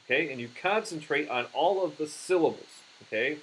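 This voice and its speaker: A man teaching puppetry in an instructional demonstration, talking haltingly with frequent restarts. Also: a little high, lively intonation, a bit bright, a little hiss or hum, low-quality recording.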